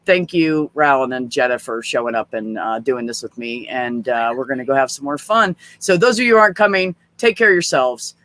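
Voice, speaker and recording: A man hosting a livestream in casual chat, frank and rambling, swearing freely and filling pauses with ums. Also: medium pitch, animated, a bit bright. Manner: frank, profane, rambling with fillers. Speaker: livestream host.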